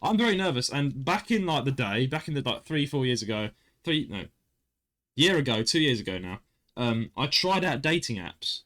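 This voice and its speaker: A young man chats as a podcast host. He tells stories in a lively way, his pitch rising and falling a lot. He keeps stopping and starting his sentences. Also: normal speed. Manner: animated storyteller, self-interrupting with restarts. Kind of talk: casual chat.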